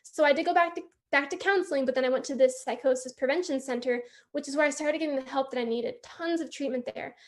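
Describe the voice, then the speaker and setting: High-voiced young woman telling her story. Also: fast talker, few pauses. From San Diego, California. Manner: candid, chatty, addresses audience directly. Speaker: youth peer support speaker. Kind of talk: personal story at a conference talk.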